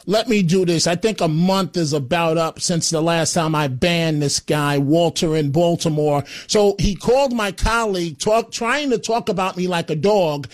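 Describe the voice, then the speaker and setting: A man hosting a talk radio show, blunt and scornful as he takes calls. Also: high voice.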